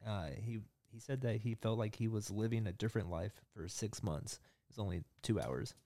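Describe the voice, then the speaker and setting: A man hosting a podcast in relaxed chat, mostly giving short, easygoing replies and questions. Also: lowish voice, moderate pace. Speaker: podcast host. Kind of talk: casual interview chat.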